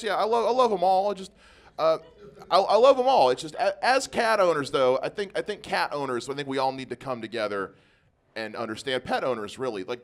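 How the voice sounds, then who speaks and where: A man doing a stand-up comedy set, self-deprecating about his cat, dating and weight. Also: high voice.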